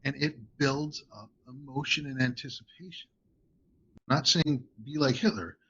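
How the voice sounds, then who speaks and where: A man's voice: medium pitch, normal speed, sharp tone, slight background noise. A man hosting a show, coaching listeners in a casual, emphatic way and often checking in with "right?". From United States. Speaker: host and communication coach. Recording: dull lo-fi audio.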